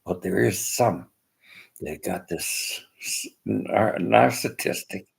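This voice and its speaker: An older man from Canada tells rambling personal stories in a gravelly, unhurried voice. His pitch swings a lot as he acts out the people he quotes. The sound is echoey, as if recorded in a bare room. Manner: rambling, animated storyteller acting out quoted voices. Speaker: vlogger.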